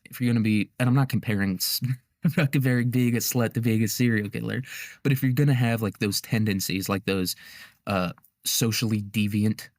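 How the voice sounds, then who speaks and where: A man's voice: lowish voice, brisk, a little mellow, dry recording, clean studio sound. A young man hosting a history podcast alone, telling it in a crude, rambling, joking way with lots of slang and frequent laughs. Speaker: podcast host. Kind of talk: casual comedic history monologue.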